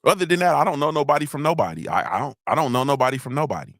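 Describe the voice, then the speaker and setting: Animated, profane podcast host man. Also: fairly high pitch, very fast, no room sound, clean studio sound. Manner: animated, profane, rambling with restarts. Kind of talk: casual solo podcast talk.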